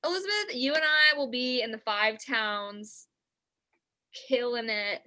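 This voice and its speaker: High, bright-voiced chatty woman. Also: unhurried. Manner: rambling, lots of filler "like", swearing. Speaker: podcast co-host. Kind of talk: casual comedic chat. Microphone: remote call setup.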